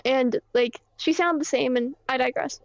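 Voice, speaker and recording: A woman playing a shaken young player character, telling her story in a rambling, halting way full of fillers and swearing. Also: high voice, no echo. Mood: agitated. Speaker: roleplay character recounting events. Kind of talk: casual in-character roleplay storytelling. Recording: dull lo-fi mic.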